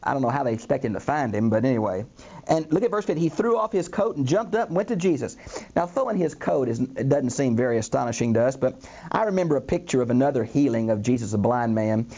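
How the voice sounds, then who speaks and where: Fast and medium-pitched, an older man teaches a Bible lesson in a studio, though the audio's highs are cut off. Calling listeners "friends," he animatedly acts out quoted voices, with frequent "uh" fillers.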